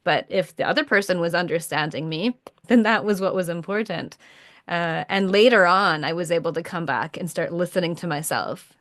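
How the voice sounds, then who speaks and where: A woman's voice: lowish voice, normal speed, a bit bright, no room sound, clean studio sound. A woman hosting a coaching podcast, reflecting back on what her guest says and sharing her own experience. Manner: reflective, summarizing, encouraging listener. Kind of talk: conversational interview.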